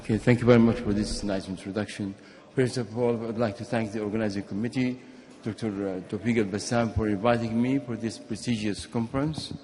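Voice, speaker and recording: A man's voice: fairly low pitch, a little fast. Man lecturing in a reverberant hall. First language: Arabic. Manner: explanatory, steady, sometimes restarts and repeats words. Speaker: physician giving a conference talk. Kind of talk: medical conference lecture.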